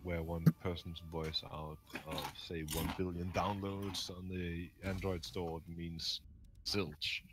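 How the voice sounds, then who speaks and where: A man co-hosting a casual chat, wordy and hedging, who breaks into loud laughter. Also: sits low, level tone, slow, background noise. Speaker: podcast co-host.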